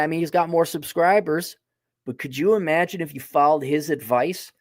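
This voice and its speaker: A man holds forth in a loose solo monologue, blunt and sardonic, with plenty of profanity. His voice sits a little above the usual male pitch. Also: normal speed, no echo, studio quality. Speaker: host. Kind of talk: casual opinion monologue.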